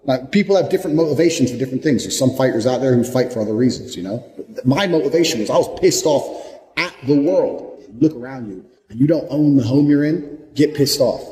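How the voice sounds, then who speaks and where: Young guy ranting motivation, swears a lot, dead sure of himself, mellow low-toned voice, lots of room echo. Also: expressive, brisk. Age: young adult. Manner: blunt, profane, full of conviction. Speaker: motivational speaker. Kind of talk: motivational monologue. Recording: echoey room with long reverb.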